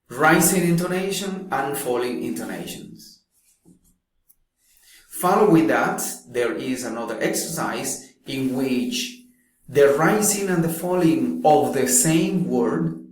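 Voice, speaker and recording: A man teaching pronunciation in a slow, deliberate way, pausing often between phrases. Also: medium pitch. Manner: slow, deliberate, drawn-out speech with long pauses. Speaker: English teacher. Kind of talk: slow explanatory lesson. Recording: very echoey room.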